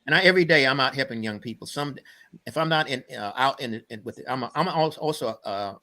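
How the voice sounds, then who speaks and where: Earnest older man telling stories, bright-voiced. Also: mid-range voice, fast talker. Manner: earnest, emphatic, rambling storyteller. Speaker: guest. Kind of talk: conversational storytelling.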